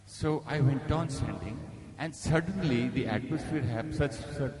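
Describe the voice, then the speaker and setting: A man's voice: medium pitch, measured pace, low-quality recording. A middle-aged man with an Indian English accent tells a personal story to a live audience, acting out his own anger and slipping into Hindi phrases. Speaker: guest speaker. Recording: loud audience noise.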